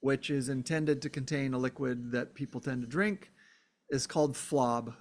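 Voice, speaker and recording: Speaking at medium pitch and a moderate pace, the male podcast host thinks his way through a philosophical monologue. He leans on fillers, keeps asking "right?", and acts out the odd short exclamation.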